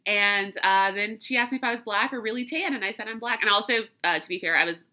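Emotional woman podcaster, bright voice. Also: medium pitch, quick pace. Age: 30s. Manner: candid, emotional, swearing, laughing often. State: congested from crying and allergies. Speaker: podcast host. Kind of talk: casual solo podcast talk.

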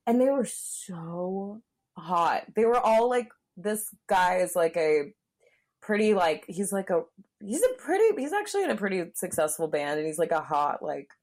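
A woman with a somewhat low voice tells a candid personal story on a podcast. She keeps things loose and chatty, scattering fillers and putting on the voices of people in her story. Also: very animated, normal speed, darkish tone. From Southern California. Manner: candid, frequent "like" fillers, acts out quotes. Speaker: comedian guest.

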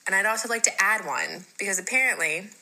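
A woman with a South Jersey, South Philly accent, recording a voice message and reading a list of words with steady, slightly wry explanations. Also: medium pitch, fast talker, poor audio. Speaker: listener sending a voice message.

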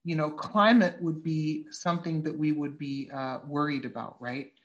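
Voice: mid-range voice, steady tone, moderate pace, a bit bright, highs cut off. A podcast host in casual political talk, blunt and swearing freely, working through a speech line by line.

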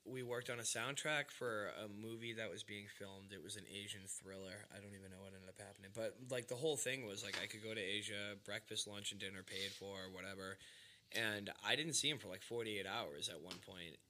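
Bright-voiced man telling a rambling story. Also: fairly low pitch, brisk, slight background noise. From Massachusetts, US. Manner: rambling, profane, fillers like "like" and "dude". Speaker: podcast host. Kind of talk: casual storytelling chat.

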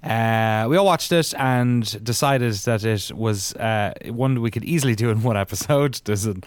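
A man's voice: lowish voice, normal speed, smooth, no echo. A man co-hosting a casual podcast, rambling with lots of fillers and restarts. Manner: rambling, many fillers and restarts, laughs mid-sentence. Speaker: podcast co-host.

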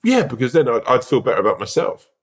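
A man co-hosting a podcast, telling stories in casual, animated chat with plenty of swearing. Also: medium pitch, fast. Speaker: podcast co-host.

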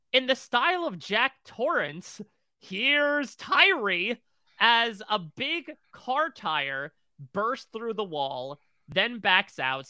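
Bright-voiced man recapping a show. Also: a little high, smooth, no room sound. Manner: detailed, animated scene retelling. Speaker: podcast co-host. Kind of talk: TV recap podcast discussion.

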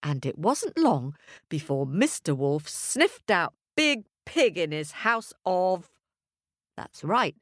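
A woman telling a children's story, playful and animated, making sound effects. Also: on the low side, slow pace, dry recording, studio quality.

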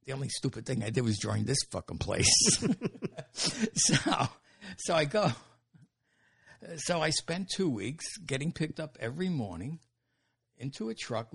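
Older man, interview guest, gravelly, husky, lively storyteller. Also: mid-range voice. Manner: animated storytelling with laughs and swearing.

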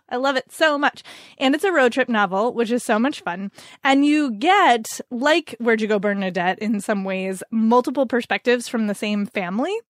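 Woman podcast host, bubbly and chatty, higher voice, dry booth sound. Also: a bit bright, no room sound. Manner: enthusiastic, laughs often, says "like" a lot. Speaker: podcast host recommending books. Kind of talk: casual chat.

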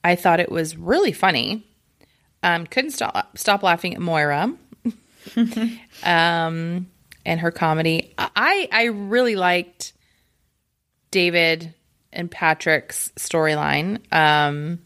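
A woman's voice: on the low side, fairly bright tone. Enthusiastic woman podcast co-host. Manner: enthusiastic, halting with ums and restarts. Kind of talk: casual podcast chat.

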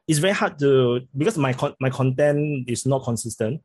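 A man's voice: mid-range voice, darkish tone, slightly rough, no room sound. A man from Singapore with a Singaporean accent, a podcast guest chatting casually and often stumbling over the first words of a sentence. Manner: halting, repeats words when starting sentences. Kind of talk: casual interview chat.

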